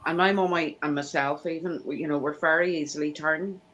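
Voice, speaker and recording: A woman chats casually and tells family stories. Her voice sits a little low. She slips into the voices of the people she quotes as she goes. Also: a little fast, dull audio, a little hiss or hum. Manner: animated anecdote teller, acts out quoted voices. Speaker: live chat host. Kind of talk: casual storytelling chat.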